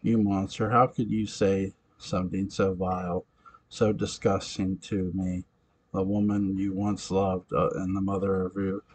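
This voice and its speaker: A man reading the part of a defiant young pregnant woman in an amateur audiobook, pleading and forceful by turns. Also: sits low, animated, unhurried, creaky, slight background noise, full character voice, low-quality recording.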